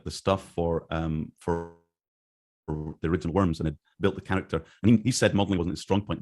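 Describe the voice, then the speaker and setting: A middle-aged man with a slightly low voice recalls his past in a casual interview. He rambles and restarts often, and he slips into other people's voices when he quotes them. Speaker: interview guest, game artist.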